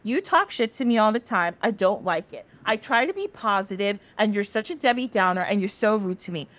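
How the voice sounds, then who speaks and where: A woman's voice: mid-range voice, lively intonation, a little fast, fairly bright tone, natural voice. A woman voicing a cheerful, easygoing male sun who talks in a chatty, upbeat way. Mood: irritated.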